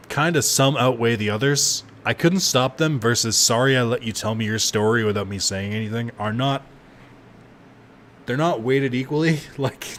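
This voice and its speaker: A man streaming a game, joking, swearing and tossing off quick asides. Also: fairly low pitch, fairly bright tone, slight background noise. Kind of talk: casual gameplay commentary.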